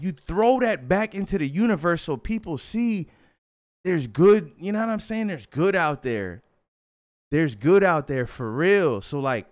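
A young man telling a casual storytime, animated and slangy, often repeating himself. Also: sits high.

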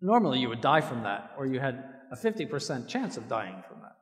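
A man preaching a sermon as a bishop, earnest and slowing down to stress key words. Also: mid-range voice, very animated, in a large hall.

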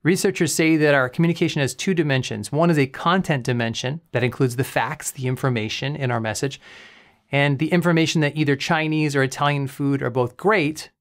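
Teacher-like male host, clear and calm, slightly higher voice. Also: brisk. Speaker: communication coach and professor. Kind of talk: educational reaction commentary.

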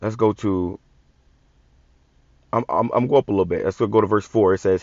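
A man preaching from scripture, reading verses slowly and then commenting in blunt, profane street talk with many repeated words. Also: on the low side, no room sound, muffled recording. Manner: reads verses slowly and louder. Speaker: online preacher.

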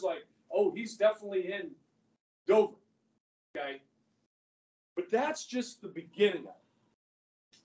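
Captured from far off in a classroom with lots of echo, a high-voiced man teaches history. He narrates with animation and keeps calling his students "guys."

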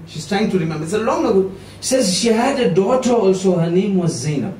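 A moulana giving a sermon at a gathering, telling the story with emotion and drawn-out phrasing. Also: male voice, high voice, expressive, a little mellow, a little hiss or hum. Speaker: moulana delivering a discourse. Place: prayer hall at a gathering. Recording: echoey hall, voice heard from a distance.

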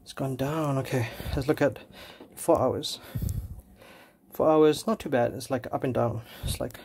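A man casually talking through charts while working out at a gym, a bit out of breath, thinking aloud with pauses and fillers. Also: mid-range voice, creaky, a little mellow, slight background noise. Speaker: crypto vlogger. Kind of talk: casual screen walkthrough.

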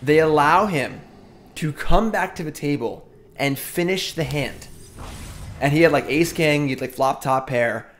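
A man's voice: fairly high pitch, a little slow, slight background noise. A middle-aged man telling a rambling story while playing a card game on stream, often breaking off to comment on his moves. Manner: chatty, rambling, self-interrupting. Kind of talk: casual storytelling while gaming.

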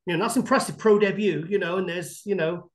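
A man with a high-pitched voice talks in a podcast interview. He rambles through lively anecdotes, restarting sentences and filling gaps with "um" and "you know.". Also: a little fast. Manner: animated, rambling anecdotes with many fillers and restarts. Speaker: bodybuilding guest expert.

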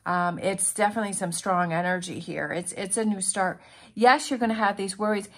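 A woman's voice: mid-range voice, a little fast, a bit bright. Earnest woman reading tarot cards. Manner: earnest, encouraging, many restarts and fillers. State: emotional. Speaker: tarot reader. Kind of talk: casual tarot reading monologue.

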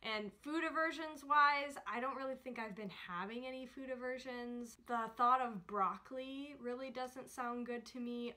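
Bright-voiced young woman vlogging. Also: fairly high pitch. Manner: chatty, with many fillers. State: nauseous. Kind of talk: casual pregnancy vlog.

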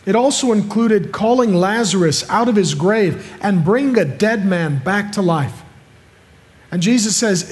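A man's voice: sits high, animated, a little slow. A man preaching a sermon as a pastor, emphatic and repeating his points with rhetorical questions.

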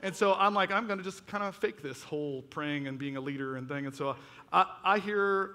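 A man with a bright, forceful voice preaches a personal testimony in a church. He tells the story with animated energy, acting out his own past reactions. His voice carries a long reverb from the large hall. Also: high voice, a little fast. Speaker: pastor. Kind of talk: sermon testimony. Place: church auditorium.

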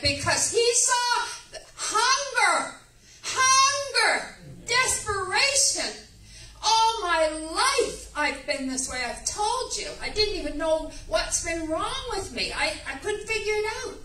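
Captured by a distant microphone in an echoey sanctuary, a woman delivers an animated church testimony that rambles and stresses its points. Her voice sits high and sounds pushed and bright.

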